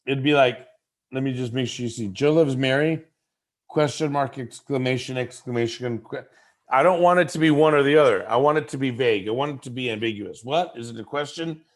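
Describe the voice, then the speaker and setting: A man at a middle pitch talks through a lesson in a loose, conversational way. He stops to act out inflections playfully and keeps an easy, informal tone. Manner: playful, demonstrates voices and inflections. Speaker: game creator giving tips. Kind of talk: casual instructional talk.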